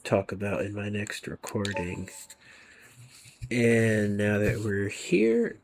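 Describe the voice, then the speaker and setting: A man's voice: on the low side, very animated, takes it slowly, gravelly, slight background noise. A man giving rambling, casual commentary over gameplay, sometimes dropping to a near whisper. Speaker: gaming video creator.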